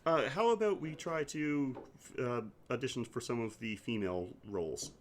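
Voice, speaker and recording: A man's voice: mid-range voice, moderate pace. A man co-hosting a horror movie podcast, chatting casually and playing a director in a comedy sketch. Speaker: podcast co-host.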